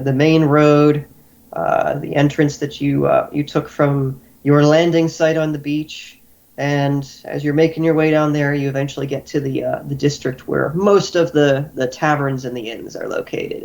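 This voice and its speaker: Halting male game master. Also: a little high, gravelly, a little mellow. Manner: halting, with many 'uh' restarts. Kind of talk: narrating a tabletop game.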